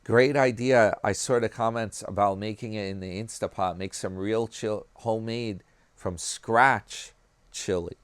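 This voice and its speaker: A man's voice: lowish voice, fairly even intonation, measured pace, clear, resonant tone, dry recording. A man with a New York accent chatting casually to his viewers, rambling from one thing to the next and calling them "guys" and "man". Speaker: YouTube commentary vlogger.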